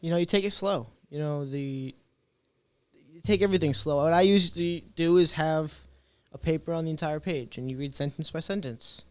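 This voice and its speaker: A man's voice: fairly high pitch, moderate pace, no echo. A man in his twenties, a podcast guest, telling his story in casual talk and acting out the quotes. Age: 20s. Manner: animated storyteller, acts out quotes.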